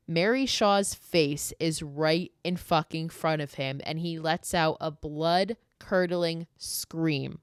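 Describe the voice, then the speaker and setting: A woman's voice: low-pitched, clear, resonant tone, no room sound, clean studio sound. A woman hosting a podcast, casually recapping a horror film in a profane, sarcastic storytelling manner. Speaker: podcast host.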